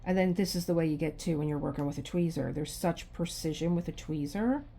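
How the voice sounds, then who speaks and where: A woman's voice: low-pitched, brisk, vocal fry, mellow, slight background noise. A middle-aged woman hosting a craft video, chatting casually to the camera and talking to herself in frustration as she works.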